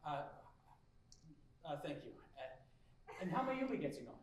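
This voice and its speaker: A man's voice: a little high, measured pace, a little hiss or hum. Man playing a stammering nervous suitor. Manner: stammering, flustered, excitable. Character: nervous anxious 35-year-old male landowner suitor. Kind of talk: stage play acting. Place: theater stage. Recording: roomy stage from far off, music behind.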